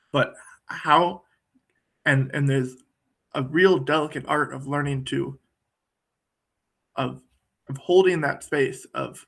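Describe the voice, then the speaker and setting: A man's voice: fairly high pitch, slow pace, gravelly, long pauses, fairly bright tone. A man talking in a thoughtful, conversational way, often repeating words while he searches for them. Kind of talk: reflective conversational talk.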